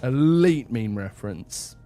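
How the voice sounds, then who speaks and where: Young male livestreamer, casual rambling chat, animated pitch, mid voice. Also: slow, faint music behind. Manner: rambling, chatty, self-deprecating.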